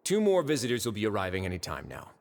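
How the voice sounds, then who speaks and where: An actor voicing a suave, wry male warden in a game, drawling and calm. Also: on the low side, fast talker, vocal fry, in a large hall, exaggerated voice.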